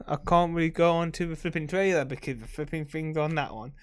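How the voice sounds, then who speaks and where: A man's voice: fairly high pitch, moderate pace, clean tone. A man talking to camera in a casual, rambling vlog, emotional and swearing freely while he drinks. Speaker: vlogger.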